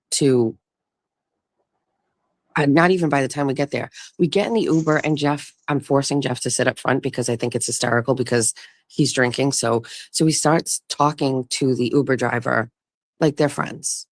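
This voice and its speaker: Chatty woman with a gravelly edge. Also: extremely low pitch, no echo, studio quality. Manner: rambling, chatty, swears casually, restarts often. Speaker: show host. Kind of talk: casual storytelling chat. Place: vacation rental, talking outdoors.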